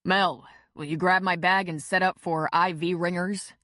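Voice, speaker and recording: Hurt guy croaking out his words, raspy and faint, read by a woman, storybook. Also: on the low side, steady tone, moderate pace, bright, forceful tone, no room sound, studio quality. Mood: strained. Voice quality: raspy, weak. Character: injured, weakened adult man.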